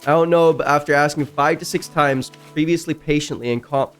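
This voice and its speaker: Man reading stories while gaming, slightly high voice, loud jumpy outbursts, soft music behind. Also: fairly even intonation, fairly quick, clean tone. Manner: reacts loudly, jumps high in pitch.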